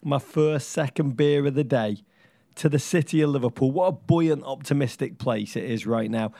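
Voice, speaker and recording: A man's voice: mid-range voice, moderate pace, creaky, warm tone, dry recording, studio quality. A man co-hosting a casual podcast chat, wry and theatrical, raising toasts with flourishes. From England. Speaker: podcast co-host.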